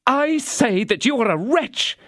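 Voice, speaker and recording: A fierce, scornful young woman, read by a man, speaks in a high, lively voice that swings widely. She is indignant and cutting, loyal to her queen. It is a dry, close audiobook recording. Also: normal speed, no room sound.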